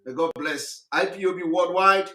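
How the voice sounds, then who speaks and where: A hoarse man, hosting a live address, talking repetitively with laughs and emphasis. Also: high-pitched, normal speed, bright, forceful tone, roomy sound. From Nigeria. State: hoarse, recovering voice. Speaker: host of a live broadcast.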